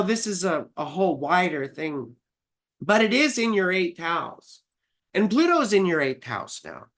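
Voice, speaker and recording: A woman's voice: lowish voice, a bit bright. A woman astrologer giving a casual live-stream reading. She talks in a rambling, chatty way and swears freely.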